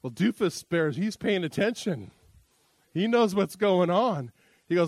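A man's voice: high-pitched, animated, a little slow, no room sound. A man preaching as a pastor, talking in a loose, conversational, self-amused way and opening with a joke. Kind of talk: casual sermon with a joke.

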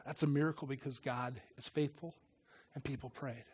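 A middle-aged man preaching and telling a personal story in earnest, often dropping to a hush at solemn moments. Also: mid-range voice, fairly even intonation, normal speed, breathy edge. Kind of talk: sermon with personal testimony.

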